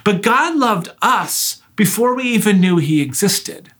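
A man's voice: sits high, expressive, measured pace, fairly bright tone. A man preaching a sermon, earnest and direct, asking his listeners rhetorical questions.

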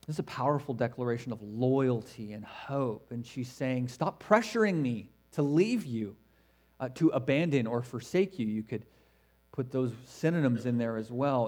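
A man preaching an expository sermon in a conversational way, swinging between emphatic stresses and hushed, quiet asides. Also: mid-range voice, moderate pace. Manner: conversational, with fillers and self-corrections.

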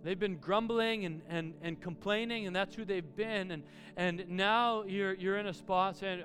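A man preaching a sermon as pastor, with loud build-ups broken by quiet asides. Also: high voice, steady tone, unhurried, hardly any pauses. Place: church auditorium. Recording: live church sound with long reverb and faint music.

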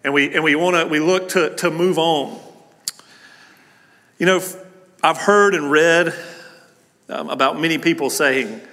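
A man's voice: a little high, unhurried, pauses often, pushed and bright. A man preaching as a pastor at a church service, starting with a prayer and then talking in an earnest, conversational way, with many fillers and restarts. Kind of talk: sermon with opening prayer. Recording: long church hall reverb.

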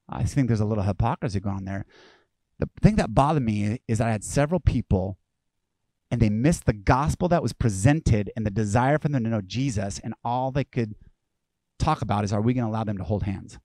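A male pastor delivering a lively, conversational sermon, acting out the voices of people he quotes. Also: lowish voice, brisk, no room sound.

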